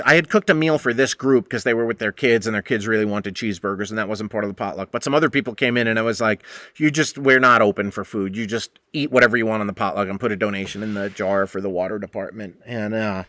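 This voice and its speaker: A man's voice: on the low side, fast talker, pushed and bright, no room sound. A man hosting a podcast, telling a long rambling story in a casual, profane way and acting out the exchanges he quotes. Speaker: podcast host.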